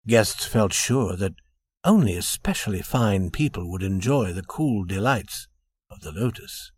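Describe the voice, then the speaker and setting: A man narrating a story with a measured, expressive delivery. His voice is slightly husky, and his intonation rises and falls freely. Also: on the low side, dry recording.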